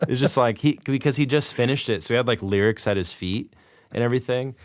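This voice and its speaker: A podcast guest with a mid-range voice talks fast, excitedly retelling a story in a casual way and acting out the quoted dialogue. The audio is clean studio sound with no room tone.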